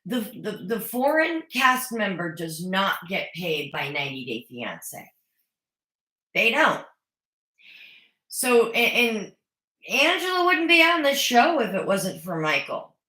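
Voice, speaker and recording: A woman's voice: medium pitch, big pitch swings, slow pace, sharp tone, reverberant. A woman recapping a reality show in a casual, chatty way, opinionated with sarcastic asides. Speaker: recap vlogger. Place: home.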